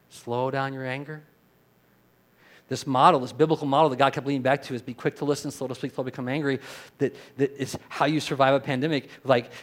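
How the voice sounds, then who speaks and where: An earnest man preaching a sermon from the pulpit, his voice sitting at an ordinary middle pitch. He drops to a quiet, reflective tone, then builds to loud, emphatic repeated phrases, and leads the congregation in saying lines back to him. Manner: leads the congregation in call-and-response. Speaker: pastor.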